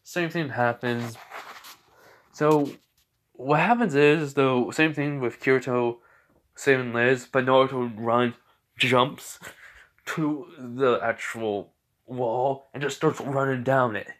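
A man's voice: mid-range voice, steady tone, slow. A young man casually improvising a fan fiction story, rambling with many fillers and self-corrections.

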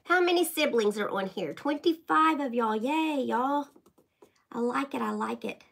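A woman's voice: fairly high pitch, animated, normal speed, gravelly, fairly bright tone, rough recording. A woman hosting a casual live craft stream, chatting to viewers by name while she paints. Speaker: craft livestream host.

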